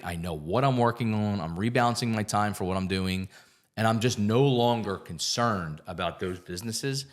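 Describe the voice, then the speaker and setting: Deep-voiced man, candid podcast guest. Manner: candid storytelling, many "like" fillers, casual swearing. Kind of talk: casual podcast conversation.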